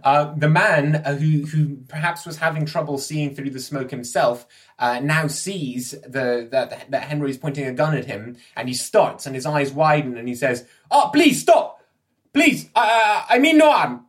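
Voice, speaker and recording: A man narrating as game master of a tabletop game, halting with frequent fillers. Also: mid-range voice, steady tone. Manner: hesitant, with fillers and restarts.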